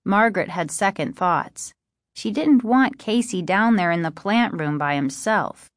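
A woman reading a chapter book aloud as an audiobook narrator, with steady, even storytelling. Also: medium pitch, unhurried, no echo, studio quality. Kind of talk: scripted narration.

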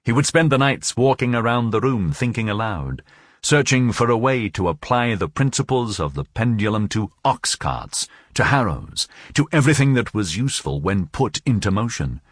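A man narrating a novel as an audiobook, in a measured, expressive storytelling manner. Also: fairly low pitch, no echo, studio quality.

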